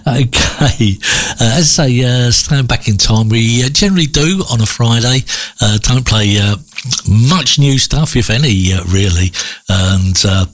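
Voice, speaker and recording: A man presenting a radio show in a relaxed, chatty way, full of ums and uhs and little chuckles. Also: medium pitch, measured pace, dry recording.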